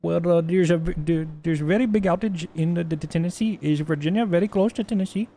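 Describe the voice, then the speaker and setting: A man's voice: on the high side, fast, mellow, voice pushed up, lightly acted. A man voicing a confused male phone support agent, stumbling over his words. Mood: puzzled.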